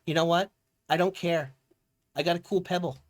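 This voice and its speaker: A man streaming a text strategy game live, reading its text aloud with playful, quick reactions. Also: fairly high pitch, steady tone.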